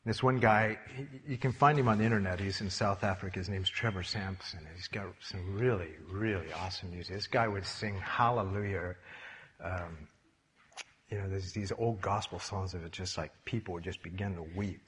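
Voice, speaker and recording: An older man preaching a sermon, telling stories in a lively way and acting out the characters. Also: deep voice, normal speed. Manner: animated storytelling, acts out voices. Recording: long hall reverb.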